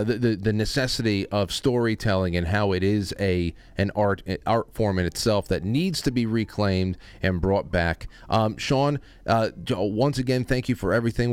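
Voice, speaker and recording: A man's voice: lowish voice, clean tone, no echo. A man hosting a casual talk show, rambling and joking with frequent restarts. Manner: rambling, restarts often, jokey. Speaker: host. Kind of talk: casual chat.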